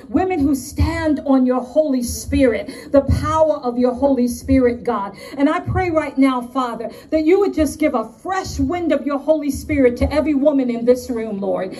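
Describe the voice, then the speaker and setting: A woman's voice: high-pitched, mellow, far from the mic. A woman with a New York accent preaching and praying at a conference, piling up emphatic repeated lines. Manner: fervent, repetitive emphatic lists. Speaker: conference speaker. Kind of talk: preaching and prayer. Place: conference hall.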